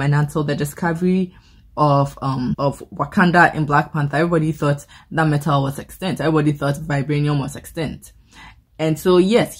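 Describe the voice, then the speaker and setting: Low, husky-voiced woman vlogger. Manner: chatty, rambling with playful movie comparisons; frequent word repeats and restarts. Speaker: perfume reviewer. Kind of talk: casual review vlog.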